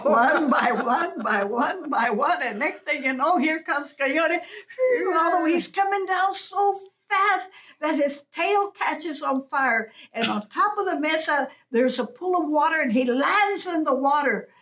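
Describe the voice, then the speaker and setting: A woman storyteller with a high voice tells a folk tale at an unhurried pace. Her narration is animated and often breaks into chuckles.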